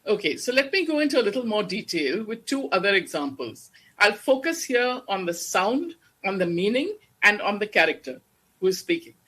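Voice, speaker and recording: A guest lecturer giving an academic lecture on poetry in a measured, explanatory way. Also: mid-range voice, big pitch swings, a bit bright, slightly rough. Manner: measured, explanatory, slows down to recite verse.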